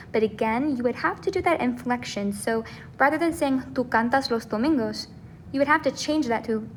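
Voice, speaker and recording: A woman's voice: fairly high pitch, a little hiss or hum. A woman teacher explaining grammar step by step, checking in often with "okay?" and "right?". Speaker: Spanish teacher. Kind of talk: recorded grammar lesson.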